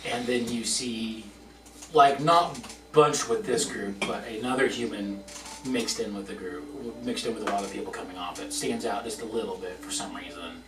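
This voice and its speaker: A man's voice: on the low side, moderate pace. A man narrating a tabletop game as game master in a casual, descriptive way. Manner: casual, descriptive, laughs easily. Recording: roomy, far-off mic with music behind.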